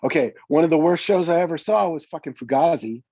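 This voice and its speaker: A man's voice: a little high, expressive, fast talker, darkish tone, husky, no room sound, dull audio. A man joining a podcast as a guest, chatting in a laid-back way and laughing often. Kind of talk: casual chat.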